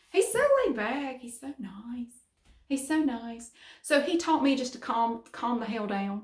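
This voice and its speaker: A woman's voice: on the high side, lively intonation, takes it slowly. Chatty Southern woman, roomy sound. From American South. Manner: chatty, laughs often, trails off. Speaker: vlogger. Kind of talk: casual chat. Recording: roomy echo.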